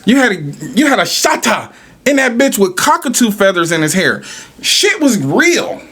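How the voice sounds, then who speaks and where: A man rants on his podcast in a fairly high voice. He is animated and profane, firing rhetorical questions and answering them himself. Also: normal speed, breathy edge. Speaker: podcast host. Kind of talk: casual podcast rant.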